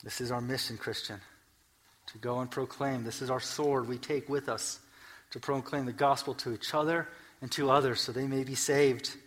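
A man preaching a sermon in a church, swinging between soft, earnest explanation and loud, emphatic peaks as he reads scripture, with joking asides. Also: mid-range voice, steady tone, moderate pace. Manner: builds scripture lists to loud, emphatic climaxes. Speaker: pastor. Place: church sanctuary.

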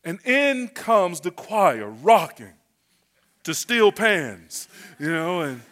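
A man's voice: sits high, big pitch swings, slow, a bit bright. A man from North Carolina preaching as a guest pastor, telling funny stories in a folksy, chatty way. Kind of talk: sermon with humorous storytelling. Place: church.

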